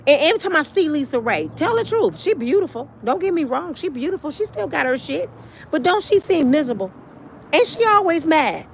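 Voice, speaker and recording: Animated, high-voiced gossiping woman. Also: a little fast, a little hiss or hum. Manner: blunt, animated, profane storytelling. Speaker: vlogger. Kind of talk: celebrity gossip commentary.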